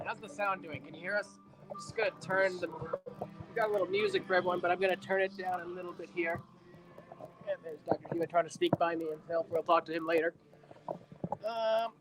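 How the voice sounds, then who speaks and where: A man's voice: high-pitched, low-quality recording. A man hosting a live stream at a birthday party, chatty and a little apologetic as he moves between guests. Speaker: host.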